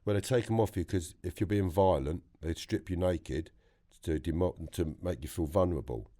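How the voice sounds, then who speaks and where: A man with a London accent telling his story as a podcast guest, blunt and animated, swearing freely. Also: deep voice, moderate pace. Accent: London English. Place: podcast studio.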